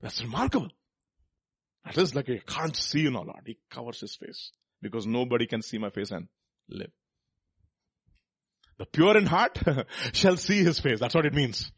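A man's voice: medium pitch, big pitch swings, normal speed, long pauses, slightly rough, dry recording. A man preaching a sermon, reading scripture aloud and pressing the listeners with rhetorical questions. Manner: reads scripture aloud between comments.

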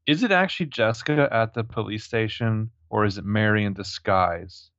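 Lower-voiced man, dull lo-fi audio. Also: moderate pace, a bit bright, no echo. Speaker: podcast co-host. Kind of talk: casual recap chat.

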